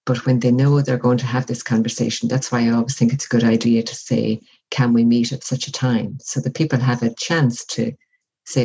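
A woman talks as a guest in a conversational interview. She is reflective and unhurried, and she acts out little example dialogues as she explains. Her voice is mellow and dark with a breathy, husky edge. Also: extremely low pitch, fairly even intonation, rough recording. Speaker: workplace wellbeing guest.

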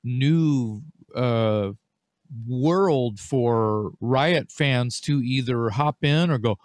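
A man's voice: medium pitch, very slow, a little mellow. An enthusiastic man co-hosting a casual interview, swearing freely as he talks. The sound is dry and close, with no room echo. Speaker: co-host.

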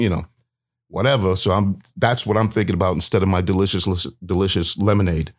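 A man's voice: deep voice, fairly even intonation, fairly quick. A man as a guest, earnestly and emotionally recounting a personal story and acting out what people said. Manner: earnest, emotional, vivid retelling with acted-out quotes.

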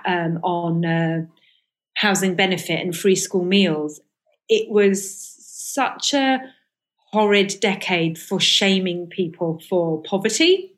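A woman's voice: fairly low pitch, slow pace. A middle-aged woman comedian guest recalling school days in a candid, hesitant way, with many restarts. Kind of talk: reflective casual interview talk.

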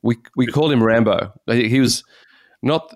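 A man, a pastor, giving an earnest, animated personal testimony in conversation. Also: mid-range voice, normal speed, no room sound, clean studio sound. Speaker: pastor and guest speaker.

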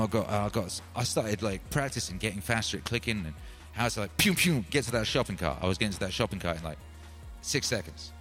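A man hosting a livestream, telling a rambling comic story in an animated, slangy way and often calling listeners "baby". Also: lowish voice. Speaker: livestream music host.

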